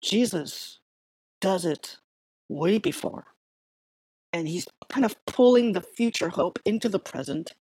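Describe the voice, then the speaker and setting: A woman's voice: medium pitch, lively intonation, measured pace, pauses often, darkish tone, breathy edge, no echo, poor audio. A woman giving a casual, conversational sermon that retells a story with filler words and restarts. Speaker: preacher.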